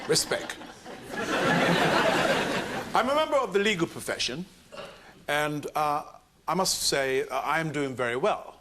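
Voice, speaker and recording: A man giving a mock-grand comic speech in a debate, with a deadpan delivery. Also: fairly high pitch, a little slow, long pauses, a little hiss or hum.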